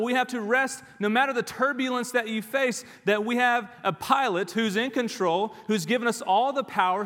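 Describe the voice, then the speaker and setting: A man's voice: high-pitched, fairly bright tone, long reverb tail. A man preaching a sermon as pastor, emphatic and repeating his key phrases.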